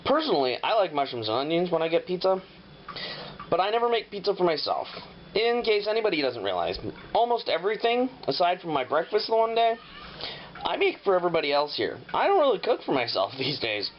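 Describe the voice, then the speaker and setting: A man's voice: high voice, huge pitch swings, brisk. A man hosting a casual home cooking show, rambling and swearing freely as he walks through the steps in his kitchen. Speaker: home cook and show host. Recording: dull lo-fi audio with clear noise.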